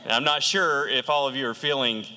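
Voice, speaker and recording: A man with a Southern accent and a deep baritone giving a farewell speech, with a dry, wry humor. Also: a little fast, sharp tone. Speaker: departing state representative. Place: state house chamber. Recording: long reverb of a legislative chamber.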